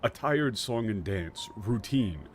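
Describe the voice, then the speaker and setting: A man voicing a weary ancient male villain, reciting slowly and gravely in a low, dramatic voice. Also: animated, a little hiss or hum. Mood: grim, contemptuous.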